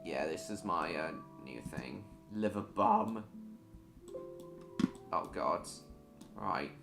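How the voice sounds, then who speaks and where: Slow-talking man hosting a live stream. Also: very deep voice, animated, vocal fry, music in the background. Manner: playful, chatting with viewers. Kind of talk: casual chat while gaming.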